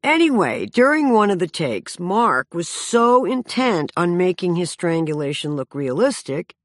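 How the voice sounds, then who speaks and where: A woman's voice: on the low side, sing-song, a little slow, no room sound. A woman around sixty narrating her own memoir with dry, self-mocking humor.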